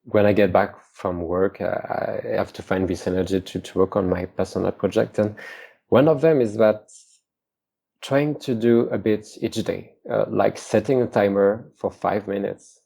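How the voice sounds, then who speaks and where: A man's voice: fairly low pitch, steady tone, moderate pace, creaky, warm tone, slightly rough. A man from France with a French accent, a concept artist being interviewed, who talks hesitantly and often repeats words as he searches for them. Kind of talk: casual interview talk.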